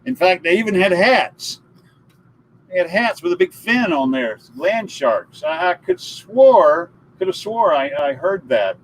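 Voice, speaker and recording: Brief: man, middle-aged, stream host, lively up-and-down jokey delivery. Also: sits high, unhurried, slight background noise, low-quality recording. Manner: jokey, storytelling, laughs at his own puns. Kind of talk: casual live stream chat.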